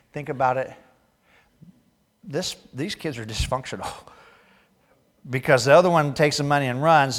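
A male pastor preaches a sermon in church at a medium pitch, talking conversationally and tossing joking asides to the congregation.

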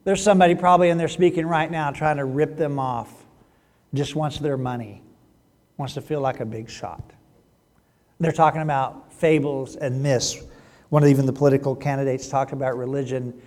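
A man's voice: mid-range voice, steady tone, moderate pace, darkish tone. A middle-aged man, a pastor, delivering a sermon with emphatic swells and drops in volume. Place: church sanctuary. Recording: long hall reverb.

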